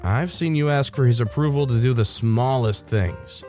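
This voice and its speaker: A man's voice: medium pitch, normal speed, warm tone, faint music behind, close to an everyday voice. A man voicing a laid-back, teasing young man in a spoken story, with a playful, smirking manner.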